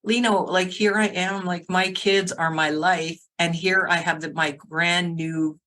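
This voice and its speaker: A middle-aged woman, a sobriety coach, telling her story as a podcast guest in a lively way, acting out the voices of others and filling her talk with "like". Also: lowish voice, unhurried, poor audio. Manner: animated, acts out quotes, many "like" fillers. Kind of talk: casual storytelling interview.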